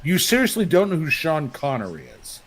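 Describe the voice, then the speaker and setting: Animated joking man, lively pitch. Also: brisk. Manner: animated, joking, laughs often. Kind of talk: casual group chat.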